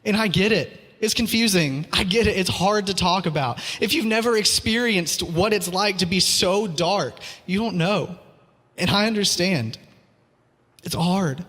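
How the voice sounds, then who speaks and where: A man's voice: high voice, measured pace, a bit bright. A man preaching a sermon, earnest and pleading, repeating his phrases; he also teaches school. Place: church hall. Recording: long hall reverb.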